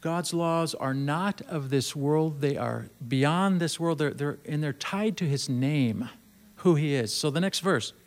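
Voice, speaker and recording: A male preacher with a slightly higher voice than most men. He delivers his sermon earnestly, circling back to repeat phrases and drawing words out when he wants them to land. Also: a little slow.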